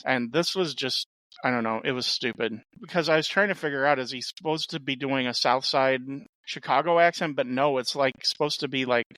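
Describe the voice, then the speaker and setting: A man's voice: medium pitch, brisk, a bit bright, dry recording, rough recording. A man co-hosting a movie podcast, critical and exasperated in casual chat. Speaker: podcast co-host.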